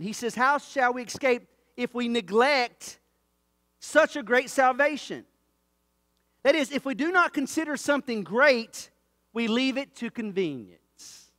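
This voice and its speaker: A male pastor with a very high voice preaches with fervent emphasis, hammering his points home through repetition. His voice is close and dry, but a long reverb trails off behind it in the sanctuary. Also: a bit bright. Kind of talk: sermon. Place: church sanctuary.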